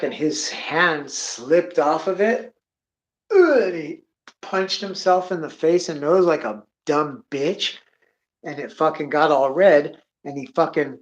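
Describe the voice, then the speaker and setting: Foul-mouthed man telling a rambling story. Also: on the high side. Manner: rambling, heavy swearing, blunt. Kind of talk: profane storytelling monologue. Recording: dull lo-fi audio.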